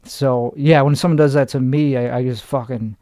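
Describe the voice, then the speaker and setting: A man's voice: mid-range voice, steady tone, normal speed, dark tone, dry recording. Blunt, profane young man, dry sound. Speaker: stand-up comedian guest. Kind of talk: casual podcast chat.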